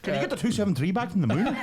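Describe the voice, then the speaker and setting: A man, co-hosting a comic podcast with quick banter. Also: heavy background noise. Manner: quick banter, wide-swinging pitch. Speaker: podcast co-host.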